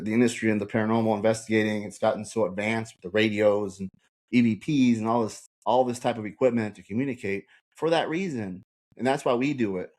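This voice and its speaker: A man with a fairly low voice talks casually as a guest on a podcast. He tells his stories with animation and often repeats words as he goes. He speaks as a paranormal investigator among friends. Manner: animated storyteller with many repeats.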